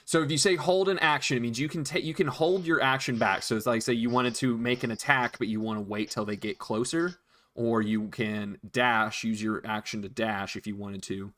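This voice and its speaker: A man's voice: mid-range voice, steady tone, normal speed, a bit bright. A man acting as dungeon master, patiently explaining rules and counting out moves in casual chat. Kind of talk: narrating a tabletop game.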